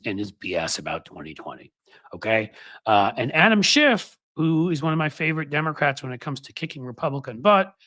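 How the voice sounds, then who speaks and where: Sarcastic man with a lively, husky voice. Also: medium pitch, no echo. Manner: sarcastic, mocking asides. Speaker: political commentary host. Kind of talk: casual political commentary.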